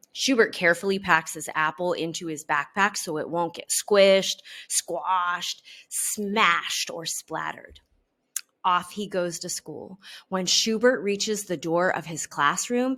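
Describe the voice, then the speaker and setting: A woman reading a children's storybook aloud in an expressive, unhurried way. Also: fairly low pitch. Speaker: storybook reader.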